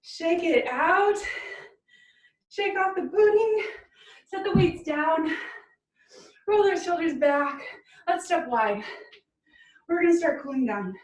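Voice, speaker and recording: A woman's voice: very high voice, animated, slow, long pauses, roomy sound, far from the mic, lo-fi sound. A woman fitness instructor leading an online cool-down and stretch class, encouraging and upbeat, laughing often. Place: room at home on a video call.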